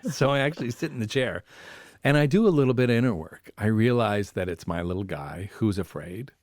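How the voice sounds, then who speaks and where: On a podcast, a man who works as a family therapist shares conversational stories about his own life, now and then voicing the characters involved. He speaks briskly in a low, slightly mellow voice; the recording is close and dry, without echo.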